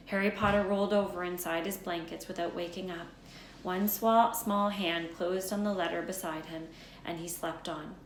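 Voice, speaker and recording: Woman teacher, read-aloud storybook narration, unhurried, lowish voice, roomy echo, faint hum behind.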